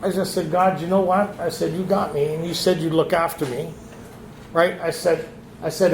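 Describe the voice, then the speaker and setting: A man's voice: a little high, normal speed, gravelly, slight background noise. A man sharing his story at a recovery retreat, acting out the dialogue he quotes. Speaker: retreat speaker. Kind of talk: recovery meeting share. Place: meeting hall. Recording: echoey room.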